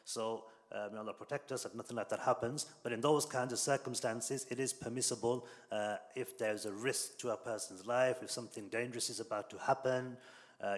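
Man teaching in an echoing hall. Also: medium pitch. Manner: explanatory, with frequent fillers and restarts. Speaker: Islamic teacher. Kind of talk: religious lesson. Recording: long reverb in a hall.

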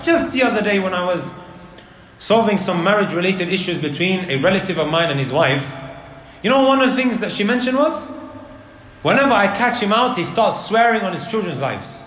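A man giving a religious lecture to a live audience, animated and asking the crowd rhetorical questions. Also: high voice, brisk, a little hiss or hum. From Leicester, England. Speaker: Islamic preacher. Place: indoor hall with an audience. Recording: roomy lecture hall.

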